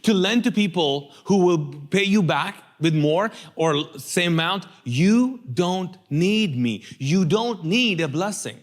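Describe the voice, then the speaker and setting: A middle-aged male pastor preaching a lively sermon, asking the congregation to call out answers. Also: high-pitched, takes it slowly, hardly any pauses. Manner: lively, rhetorical, drawing call-and-response from the congregation.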